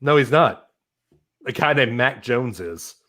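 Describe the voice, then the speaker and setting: A man co-hosting a podcast in casual chat, excitable and reading out listener comments. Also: medium pitch, unhurried. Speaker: podcast co-host.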